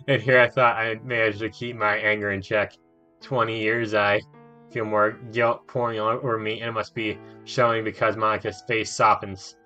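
Male gaming youtuber, reads visual novel text aloud with casual asides, bright tone over faint music. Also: on the low side, steady tone, normal speed. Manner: chatty, reacts with laughs and asides. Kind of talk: let's play commentary, reading game text aloud. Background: faint game music.

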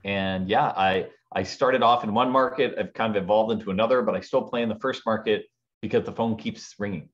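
A man in his forties, a guest on a business podcast, telling his story with lively acted-out quotes. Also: lowish voice, fairly quick. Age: 40s. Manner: animated storyteller acting out quoted voices. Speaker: guest speaker. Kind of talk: storytelling interview. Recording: dull lo-fi audio.

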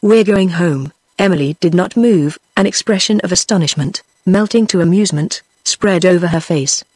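A text-to-speech woman's voice with a British English accent, reading a short story aloud in one even synthetic manner for every character. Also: on the low side, normal speed, breathy edge, no room sound. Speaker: audiobook narrator.

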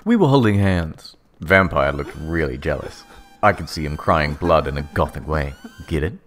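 Deep-voiced man reading with mock drama. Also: moderate pace, a little hiss or hum. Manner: deadpan delivery of absurd text, sarcastic. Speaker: narrator.

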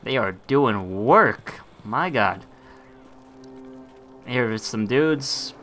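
Casting note: young male let's-player, bright, forward tone, casual and profane, light music bed. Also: medium pitch, lively intonation, extremely slow. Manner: casual, laughing, swears freely. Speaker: gameplay commentator. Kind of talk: let's play commentary.

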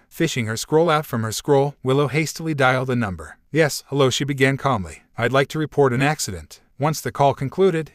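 A man reading fan fiction aloud at an even, measured storytelling pace. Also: mid-range voice, no echo, studio quality. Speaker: fanfiction reader.

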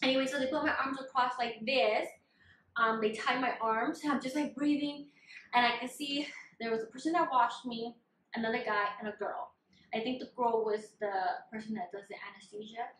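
Chatty, higher-voiced woman in an echoey room. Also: fairly even intonation, moderate pace, fairly bright tone. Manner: chatty, detailed, laughs often. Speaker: vlogger sharing her surgery experience. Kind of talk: casual storytelling chat.

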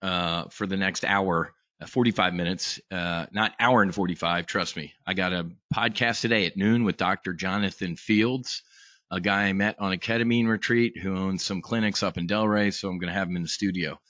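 A man's voice: low voice, fairly even intonation, normal speed, fairly bright tone, dry recording, lo-fi sound. A man hosting a live trading brief, talking casually with lots of fillers and restarts, blunt and sometimes profane. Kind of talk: casual live market talk.

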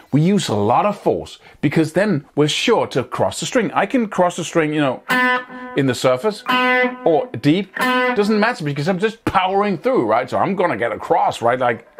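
A man giving a guitar lesson, explaining picking technique and checking in with listeners as he goes. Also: fairly high pitch. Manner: animated, hands-on, scats picking rhythms aloud; checks in often with "right?" and "wouldn't you say?". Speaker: guitar teacher.

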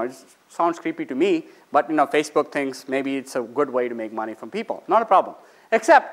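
A man, a finance professor, lecturing students in a conversational way, asking the audience questions and briefly acting out the people in his stories. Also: sits high. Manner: acts out quoted people in short bursts.

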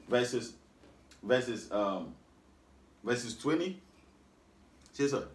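A man preaches a sermon with call and response, reading scripture aloud in a rhythmic way, repeating key lines and prompting the congregation with questions like "what?" His mid-range voice is expressive and a little slow, with a roomy sound.

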